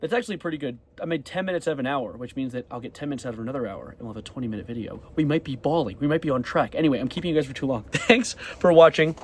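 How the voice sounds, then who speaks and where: A young man rambling fast in a casual video diary, swearing casually as he talks. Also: mid-range voice, husky. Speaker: vlogger.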